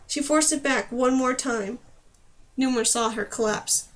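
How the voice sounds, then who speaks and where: A woman reads a fantasy novel aloud as an audiobook, telling it expressively. Her voice sits high and clear. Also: a little slow. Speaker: audiobook narrator. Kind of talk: audiobook narration.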